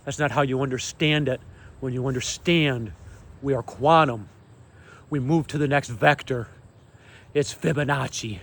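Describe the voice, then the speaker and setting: Facing the camera, a male vlogger with a mid-range voice and vocal fry delivers an impassioned monologue. He proclaims slowly and emphatically, swinging between loud declarations and hushed asides.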